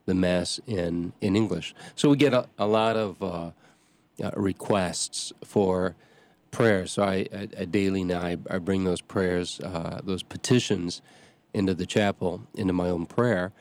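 A middle-aged man, a parish priest hosting a show, talking casually in a halting way with many restarts and fillers. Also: low-pitched, steady tone, a little mellow. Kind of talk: casual talk.

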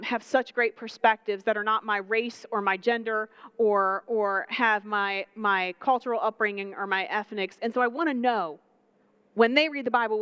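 A young woman preaching a lively, conversational sermon, full of rhetorical questions and asides to the congregation. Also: a little high, smooth, no room sound, muffled recording.

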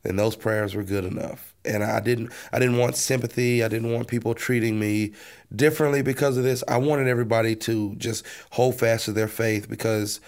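A man's voice: mid-range voice, fairly even intonation, normal speed. A man, a pastor, earnestly telling his personal testimony in an interview. He often repeats words as he restarts a thought.

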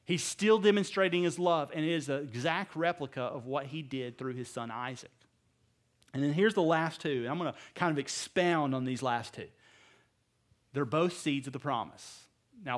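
A middle-aged male pastor delivers an emphatic sermon, swinging between loud stresses and hushed asides. His voice is fairly high, and he keeps putting rhetorical questions to his listeners.

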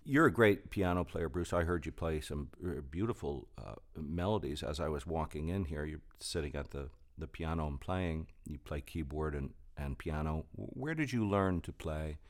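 Very deep-voiced male interviewer. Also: expressive, normal speed, hardly any pauses. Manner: friendly, chatty questioning. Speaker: interview host. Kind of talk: casual interview talk.

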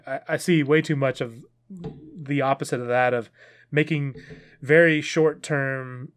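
Guy in his early 30s rambling on a chill podcast, keeps correcting himself, laughs a lot. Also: medium pitch. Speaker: podcast co-host. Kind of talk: casual podcast chat.

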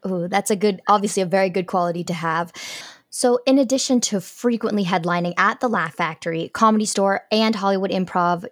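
A woman's voice: mid-range voice, a little fast, dry recording. Upbeat woman interviewer, dry sound. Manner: encouraging, upbeat, laughs readily. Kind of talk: interview questions.

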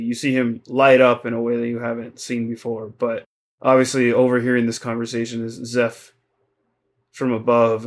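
Laid-back man recapping on a podcast. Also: medium pitch. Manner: loose, conversational retelling with fillers and casual swearing. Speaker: podcast co-host.

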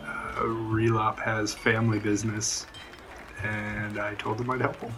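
A man plays a cynical, blunt brawler in a tabletop role-play, with a lowish voice and a dismissive edge. Faint music plays behind him. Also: completely flat delivery, measured pace, natural voice, poor audio.

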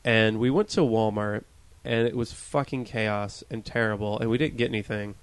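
A man's voice: on the low side, fairly even intonation, normal speed, clean tone. A young man co-hosting a podcast, chatting casually in a rambling, self-deprecating way with the odd swear. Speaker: podcast co-host. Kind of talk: casual chat.

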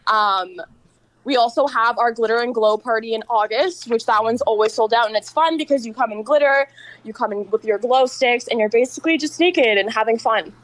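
A woman's voice: on the high side, brisk, rough recording. A woman guest talking on a phone in casual chat, easygoing, with a lot of "um" and "like". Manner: easygoing, filler-heavy speech. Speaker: podcast guest, party organizer.

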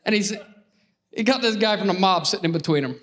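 A man preaching a lively Sunday sermon, joking and constantly urging the congregation to call back. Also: high-pitched, quick pace. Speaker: pastor.

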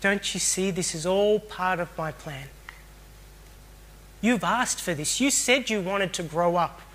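A preacher voicing Jesus, tender and reassuring, gentle rebuke, unhurried. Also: male voice, high voice.

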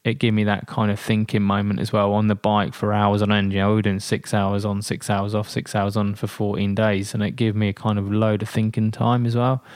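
A man, a guest and military veteran, telling anecdotes in an animated way with many fillers and restarts. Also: fairly low pitch, fairly quick, few pauses, dry recording, clean studio sound. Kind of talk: storytelling in a podcast interview.

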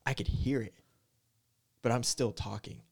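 A young man, a worship leader, talking in a soft, mellow, easygoing way in a casual podcast chat, with lots of "like" and "you know". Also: medium pitch, fairly even intonation, unhurried, vocal fry, breathy edge. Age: young adult. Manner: soft-spoken, mellow, filler-heavy.

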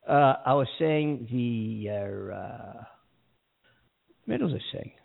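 A man co-hosting a casual talk show, wandering through the news and losing his thread. His voice is gravelly and husky, and it rises and falls a lot. The sound comes through a thin, phone-like line. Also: mid-range voice, wildly swooping pitch, very slow. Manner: rambling, loses his train of thought, laughs at himself. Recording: phone-like streaming audio.

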